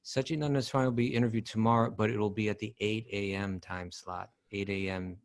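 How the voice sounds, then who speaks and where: A man co-hosting a casual podcast chat, relaxed and thinking aloud as he talks. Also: on the low side, a little fast. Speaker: podcast co-host.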